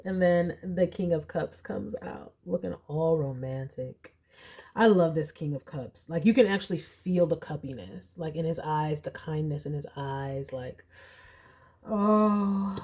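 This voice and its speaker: A young woman giving a casual pick-a-card tarot reading, chatty and animated, with slangy asides. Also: fairly low pitch, unhurried. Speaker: tarot reader.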